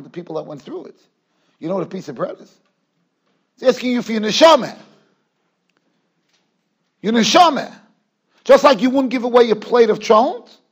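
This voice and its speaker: Husky high-voiced rabbi teaching a class, swoops all over, keeps repeating himself. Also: male voice. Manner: animated, repeats words for emphasis. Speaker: rabbi giving a Torah class. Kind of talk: Torah lecture with storytelling. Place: yeshiva study hall.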